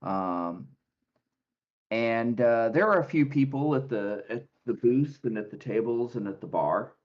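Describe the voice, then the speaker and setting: A man narrating as game master for a tabletop game, relaxed and halting with many fillers. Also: mid-range voice, highs cut off.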